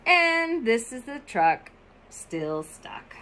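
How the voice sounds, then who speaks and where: Woman reading a children's book aloud, high lively voice, very unhurried, chatty asides. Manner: expressive, with chatty asides about the pictures. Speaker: picture book reader.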